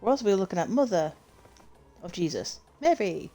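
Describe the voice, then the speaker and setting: A woman's voice: mid-range voice, animated, brisk, dark tone, soft background music. A young woman streaming a game, chatting casually in a rambling way and often correcting herself. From United Kingdom. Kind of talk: casual chat while gaming.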